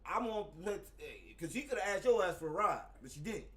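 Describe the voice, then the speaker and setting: A man's voice: on the high side, fast talker. A man in casual chat, telling a profane story and acting out heated exchanges. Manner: profane, animated storytelling, acts out heated quotes. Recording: distant mic, faint background noise.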